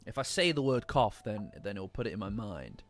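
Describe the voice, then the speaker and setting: A man's voice: fairly low pitch, very animated, a little fast. A man with a lingering cough, chatting casually and rambling with his live-stream audience, swearing now and then. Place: cold room at home. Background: faint lo-fi music.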